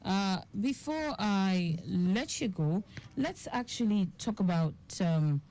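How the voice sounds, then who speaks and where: A woman's voice: medium pitch, animated, takes it slowly, dark tone. A woman with a Nigerian English accent hosting a radio health interview, asking long, winding questions full of fillers. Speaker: radio show host.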